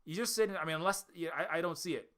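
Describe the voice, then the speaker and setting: A young man rants casually for his vlog, sarcastic and rambling, swearing freely. His voice sits a bit high and has a bright, forceful edge. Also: rapid-fire. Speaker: indie game developer.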